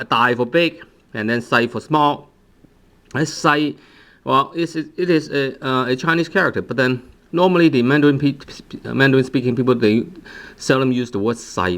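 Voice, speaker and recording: A man gives a patient language lesson at a middling pitch. He talks haltingly, with plenty of fillers. He repeats each word several times for the learner. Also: fairly bright tone. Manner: hesitant, many fillers and repeated drilled words. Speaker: language teacher.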